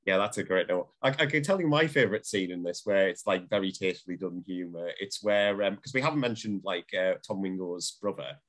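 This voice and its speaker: Low-voiced guy rambling about movies, lots of likes and ums, casual podcast chat. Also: a bit bright. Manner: rambling, halting, many fillers. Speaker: podcast co-host. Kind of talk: casual film discussion.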